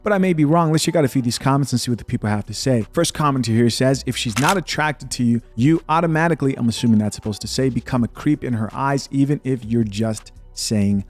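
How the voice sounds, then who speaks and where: Male podcast host, mid-pitch, blunt casual commentary, faint music underneath. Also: fast, few pauses. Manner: blunt, opinionated, casual with asides. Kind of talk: commentary on video clips and comments.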